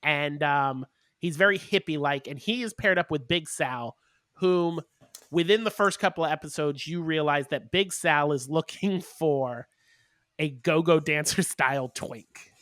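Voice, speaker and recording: A man co-hosting a podcast, his voice a little higher than average and bright. He recaps in a casual, halting way full of fillers. The sound is dry, with no room echo. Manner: recapping with many ums and uhs. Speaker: podcast co-host. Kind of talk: casual chat.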